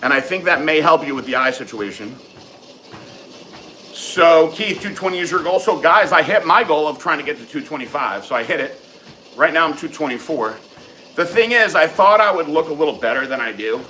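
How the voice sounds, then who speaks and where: Frank, bright-voiced man answering questions. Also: fairly high pitch, lively intonation, fairly quick, a little hiss or hum, poor audio. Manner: frank, matter-of-fact advice with many fillers. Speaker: host answering viewer questions. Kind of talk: casual live Q and A.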